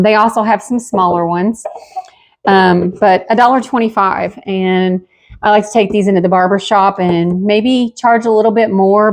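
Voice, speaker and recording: A woman with a mid-range, darkish voice hosts a pottery channel in a casual haul vlog. She sounds a little out of breath and talks in a chatty, homey way packed with fillers.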